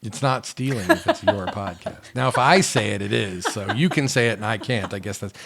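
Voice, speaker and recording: A man's voice: lowish voice, sing-song, moderate pace, creaky, fairly bright tone, a little hiss or hum. A man co-hosting a podcast in casual chat, wry and joking, often breaking into laughter while reading a listener email aloud. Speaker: podcast co-host.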